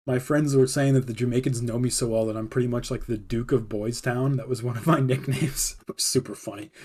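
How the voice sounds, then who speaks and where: A podcast host tells a personal story on his live show in a relaxed, meandering manner. His voice is middle-pitched, mellow, and warm. The casual telling is rambling and heavy on filler words, with frequent bursts of laughter.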